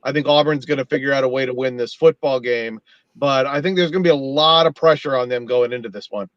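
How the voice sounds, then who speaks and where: A man as a football analyst guest, talking in a measured way and building his points with statistics. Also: medium pitch, dry recording, dull audio. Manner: measured, builds arguments with stats. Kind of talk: analytical panel talk.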